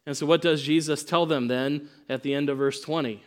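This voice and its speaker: A man preaching a sermon, emphatic, swinging between loud proclamation and quiet asides. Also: fairly high pitch, steady tone, fairly quick, hardly any pauses.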